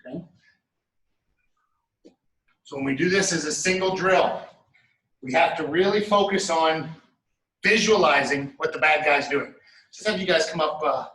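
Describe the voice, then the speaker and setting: Male martial arts coach, bright voice slightly high, echoey room, mic at a distance. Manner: steady coaching cues, talks through moves step by step. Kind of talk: class instruction. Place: training studio.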